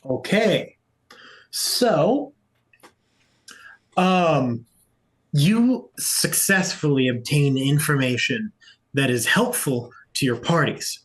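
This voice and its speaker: Relaxed male game master. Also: a little high, extremely slow, pauses often. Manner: relaxed, explanatory, with fillers. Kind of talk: narrating a tabletop game.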